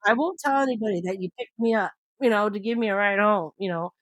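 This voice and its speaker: A woman guest telling a personal story in an interview, animated and often laughing as she talks. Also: medium pitch, quick pace, dry recording.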